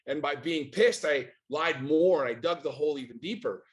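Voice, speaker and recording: On the high side and at a moderate pace, a middle-aged American man speaks as a podcast guest. He is candid and intense, cursing frequently and rattling off rhetorical questions in frank interview talk.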